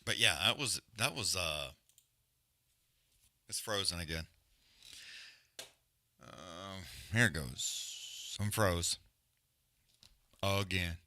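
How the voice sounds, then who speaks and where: A man's voice: deep voice, expressive, drawn-out words, pauses often, pushed and bright, a little hiss or hum. A man hosting a livestream, giving casual, profane, rambling commentary on a fight and griping about stream glitches. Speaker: livestream host.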